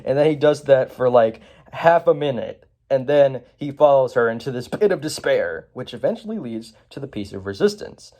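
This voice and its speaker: A man's voice: mid-range voice, animated, moderate pace, few pauses, darkish tone. A man recapping a film in a casual review. He rambles, with lots of fillers, restarts and chuckles.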